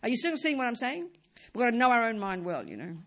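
A woman's voice: a little high, huge pitch swings, fast talker. A woman teaching a Buddhist dharma talk, who talks in bursts, repeats and restarts phrases, and keeps asking the listeners rhetorical questions.

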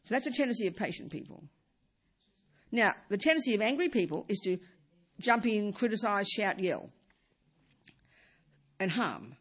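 Animated woman giving a dharma talk. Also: medium pitch, moderate pace, long pauses. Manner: animated, repeats and restarts, asks rhetorical questions. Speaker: Buddhist teacher.

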